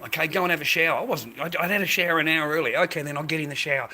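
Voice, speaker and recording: A man's voice: on the high side, rapid-fire, sharp tone. An Australian man ranting crudely to his livestream chat, peppering his talk with mate and swearing.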